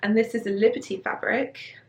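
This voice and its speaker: Speaking briskly in a steady, fairly high voice, a young British sewing vlogger giggles through a casual chat about her handmade clothes, sprinkled with fillers and asides. The room at home where she records sounds echoey.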